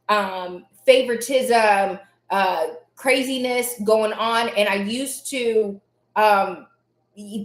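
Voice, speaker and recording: A woman's voice: on the high side, echoey room. A woman hosting a motivational live stream, talking emphatically, repeating her key lines and answering viewers by name. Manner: emphatic, repeats key phrases, reads chat names aloud.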